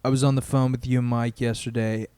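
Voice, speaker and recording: A man's voice: mid-range voice, level tone, quick pace, dark tone, clean tone, no room sound. A young man co-hosting a podcast, chatting in a laid-back way with lots of fillers. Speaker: podcast co-host. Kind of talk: casual comedic chat.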